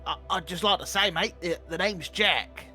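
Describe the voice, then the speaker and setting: A man's voice: high-pitched, moderate pace, sharp tone, faint music behind. A man playing in a tabletop game, speaking casually with many hesitations. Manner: drawling with many uhs. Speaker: player.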